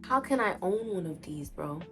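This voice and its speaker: Opening a delivery of plant mail, a young vlogger chats directly to her audience at a moderate pace in a voice on the low side. She's gushing and excitable, with faint music playing in the background.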